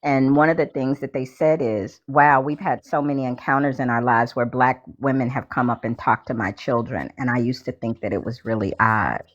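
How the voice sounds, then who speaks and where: A woman host in casual chat, telling stories in an animated way and talking straight to her listeners. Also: a bass voice, normal speed, few pauses. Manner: animated storyteller, addresses listeners as y'all. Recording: dull lo-fi audio.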